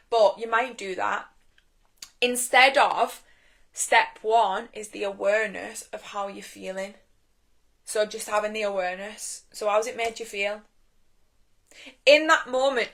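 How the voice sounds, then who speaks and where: A woman's voice: mid-range voice, a bit bright. A young woman giving a casual live-stream talk on inner healing from her phone, chatty and straight-talking, swearing freely.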